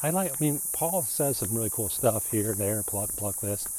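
Speaking at a normal speed, a man with a mellow, fairly low voice and lively intonation rambles casually about reading the Bible. A little hiss or hum is audible, and he repeatedly mimics the people he quotes in mocking put-on voices.

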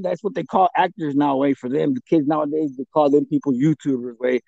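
Gravelly-voiced man, loud and profane. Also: a little high, fast, few pauses, no echo. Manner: profane, laughing, code-switches into Spanish. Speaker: podcast co-host. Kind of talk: casual chat. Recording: dull, dry lo-fi recording.

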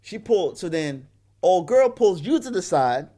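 A man's voice: high-pitched, normal speed. A man co-hosting a podcast, telling a story in casual, profane chat and acting out the other people's lines. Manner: profane, animated, acts out quoted voices. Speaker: podcast co-host.

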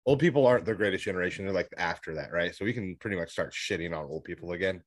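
A man's voice: deep voice, racing, no room sound. Young male comic co-hosting a podcast, crude and rambling, on a dry close mic. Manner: rambling, irreverent, jokey. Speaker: podcast co-host and stand-up comic. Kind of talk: casual crude banter.

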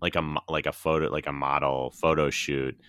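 A man's voice: rumbling low, level tone, a little fast, fairly bright tone, clear, resonant tone, no echo. A man leading a casual podcast chat, recapping the lists and calling on the others. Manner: leads the segment, recaps and asks the others in turn. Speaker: podcast co-host.

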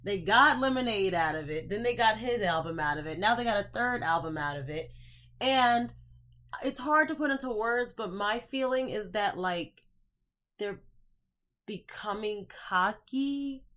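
A woman's voice: mid-range voice, animated, unhurried, fairly bright tone. A woman hosting a casual podcast, talking through her opinions in an easygoing conversational way. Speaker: podcast host.

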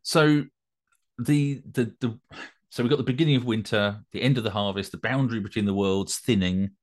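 A man's voice: fairly low pitch, normal speed. A man co-hosting a podcast in casual chat, teasing and hesitant, often starting with "so". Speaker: podcast co-host.

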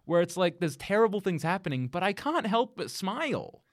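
A man's voice: high-pitched, big pitch swings, normal speed, no room sound, studio quality. A young man co-hosting a podcast, chatting casually about a movie, laughing often as he tells the story. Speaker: podcast co-host. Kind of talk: casual film review chat.

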